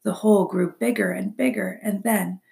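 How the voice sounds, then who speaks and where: Woman reading a storybook, slightly gravelly. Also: mid-range voice, moderate pace, dark tone. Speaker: narrator.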